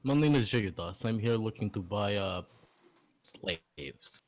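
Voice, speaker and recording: A man speaking in character as a player in a tabletop game, bargaining in a plain, deliberate way. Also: fairly low pitch, lively intonation.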